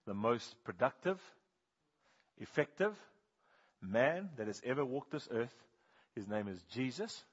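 A man preaching a sermon, telling animated stories and swinging from loud bursts to hushed, slow appeals. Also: mid-range voice, slightly rough. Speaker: pastor. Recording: dull, muffled sound.

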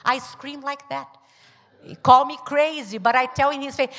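High-voiced woman preaching in a reverberant church. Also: normal speed. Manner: animated, acts out little scenes, laughs often, shouts at times. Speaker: pastor preaching with her husband. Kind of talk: sermon. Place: church hall. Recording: long hall reverb in a church.

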